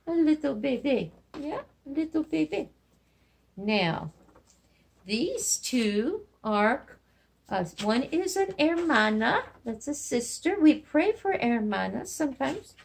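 A woman teaches a remote lesson to young children. Her fairly high voice bounces up and down as she slowly repeats each new word. A faint background hiss runs under her speech. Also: sing-song, gravelly. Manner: sing-song, slow, encouraging, repeats words. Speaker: elementary Spanish teacher.

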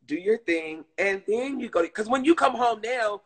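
A high, bright woman's voice with a slightly husky edge, chatting loosely to her live-stream viewers. She talks in a lively, sing-song way, swears freely and calls her audience "girl". The feel is an unscripted, casual stream. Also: moderate pace, few pauses, rough recording.

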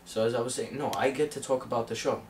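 A man's voice: medium pitch, steady tone, quick pace. A young man hosting a home video, bossy, often shushing his friends and restarting his intro. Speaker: host. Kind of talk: casual home video chat. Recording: distant camera mic with clear background noise.

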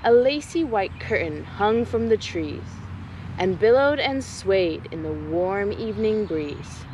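A young adult woman, a nature educator, reading a rhyming picture book aloud to children at a slow pace. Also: mid-range voice, animated, noisy background.

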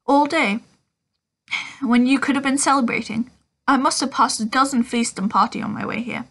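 A woman reading the part of a calm, gentle old male wizard headmaster in a storybook, with small slips. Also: high voice, moderate pace.

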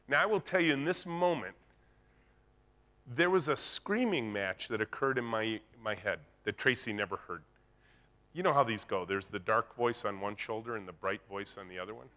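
A man's voice: mid-range voice, sharp tone. A man giving a conference keynote, telling a story and acting out the dialogue in it. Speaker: keynote speaker. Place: conference stage.

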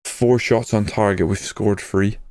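A young man with a fairly low voice talks a little slowly over his own football management game, with no echo. He's a gaming YouTuber, casual and excitable, and he swears whenever a goal goes in.

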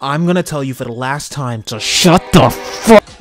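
A man voicing a rude young male orange tank engine who curses and growls loudly at the camera. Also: medium pitch, moderate pace, music in the background, natural voice. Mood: growling. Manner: growling, cursing, loud.

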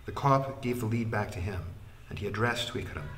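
A man narrating an audiobook in a measured way, trailing into a breathy hush at phrase ends. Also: on the low side, animated, noisy background.

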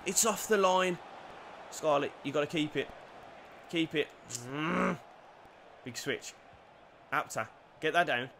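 Young man, gaming commentary, high bright voice, faint room noise. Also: slow pace, vocal fry, pauses often. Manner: swings from muttered play-by-play to shouted cheering. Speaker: gaming YouTuber. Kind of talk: excited live commentary over a football video game.

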